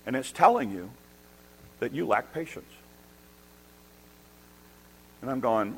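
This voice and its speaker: Middle-aged male pastor, mid-pitched voice, animated and self-mocking, tripping over his words as his story builds. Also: normal speed, a little hiss or hum, poor audio. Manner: animated, self-deprecating humor; restarts and repeats words when excited. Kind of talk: storytelling sermon.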